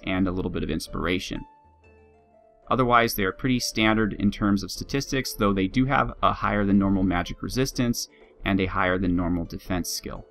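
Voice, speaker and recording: A man's voice: on the low side, vocal fry, fairly bright tone. A man casually commenting on a strategy game, chatty and laughing at his own jokes. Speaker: game video host. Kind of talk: casual let's-play commentary. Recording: faint guitar music behind.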